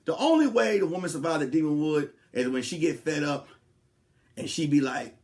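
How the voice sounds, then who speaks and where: A man's voice: on the high side, moderate pace. A male comedian hosting a podcast, telling a profane, repetitive comic rant. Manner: animated, repetitive, profane storytelling.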